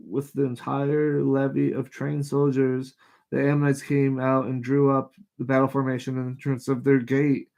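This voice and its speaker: A man of middle pitch reads scripture aloud at a live show. He stumbles over names, restarts phrases and breaks in with frank, irritated asides before going back to the text. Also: a little mellow. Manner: reads passages aloud haltingly, stops to comment. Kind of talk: casual Bible reading and commentary.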